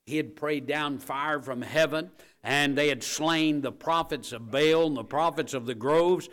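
A man preaching a sermon in a folksy way, repeating key phrases and swinging between quiet, low lines and loud, emphatic bursts. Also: measured pace. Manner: folksy asides to the congregation.

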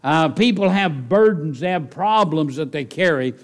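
With a somewhat high, animated voice at a moderate pace, a male preacher moves from quiet musing up to raised, emphatic peaks. His earnest sermon is full of conversational asides and questions aimed straight at the congregation.

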